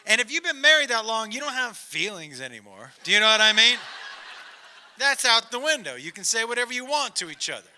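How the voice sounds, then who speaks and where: A man doing stand-up storytelling on stage, animated and profane, laughing through his punchlines. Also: very high-pitched, a little fast. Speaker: stand-up comedian.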